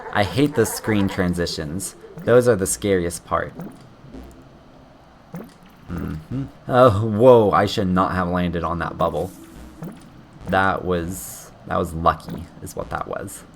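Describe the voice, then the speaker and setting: A man with a fairly low voice talks his way through a video game, thinking aloud and cursing at his own slips. He trips over his words and yelps when a jump goes wrong. A steady hiss of noise sits under the recording. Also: vocal fry. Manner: thinking aloud, frequent swearing and restarts, yelps at mistakes. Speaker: streamer playing a game blind. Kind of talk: casual gameplay commentary.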